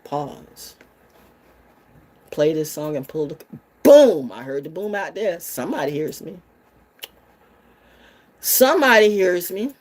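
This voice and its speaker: A spiritual vlogger, a woman with a lowish voice, delivers a fiery, profane rant styled like a sermon. She's animated yet unhurried, pausing often, preachy and full of rhetorical questions.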